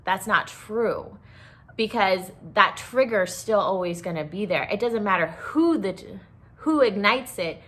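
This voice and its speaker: Blunt, bright-voiced woman podcaster. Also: mid-range voice, animated, measured pace. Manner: blunt and profane, frank and impassioned. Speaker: podcast host. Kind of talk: candid solo podcast talk on grief.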